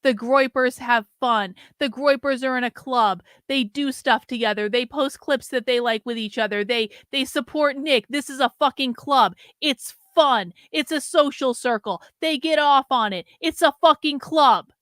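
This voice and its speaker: A woman's voice: high-pitched, normal speed, hardly any pauses, a bit bright, smooth, no room sound, studio quality. Blunt, combative woman commentator. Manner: blunt, combative, swears, addresses the clip directly. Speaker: commentator reacting to clips. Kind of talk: reaction commentary.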